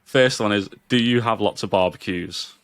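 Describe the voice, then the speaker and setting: A man's voice: on the low side, normal speed, a bit bright, no room sound. A man hosting a podcast, asking friendly, chatty questions. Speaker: podcast host. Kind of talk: casual interview hosting.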